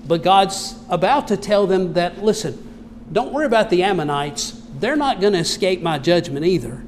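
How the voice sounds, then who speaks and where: A man with a Southern American accent preaching a sermon, reading scripture slowly and solemnly, then explaining it in plain, folksy talk. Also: sits high, lively intonation, long reverb tail, a little hiss or hum. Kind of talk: expository sermon reading King James scripture.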